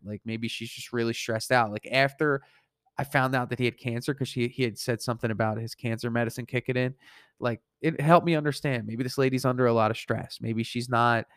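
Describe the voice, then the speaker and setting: A man's voice: medium pitch, dry recording, clean studio sound. A man hosting a podcast, casually telling a story from his painting business, rambling with lots of fillers. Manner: rambling, filler-heavy, animated retelling. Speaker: podcast host and painting contractor.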